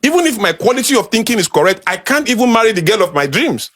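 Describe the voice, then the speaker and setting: A man's voice: high voice, sing-song, fast talker, fairly bright tone. A man with a Nigerian accent giving a passionate talk, building his points with rhetorical emphasis. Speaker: speaker. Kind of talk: passionate talk to a small audience.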